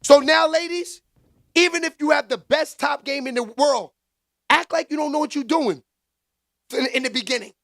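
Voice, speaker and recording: A man hosting a casual live stream, talking with the chat in slangy street talk and bursting into loud exclaims. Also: very high-pitched, moderate pace, gravelly. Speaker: livestream commentary host.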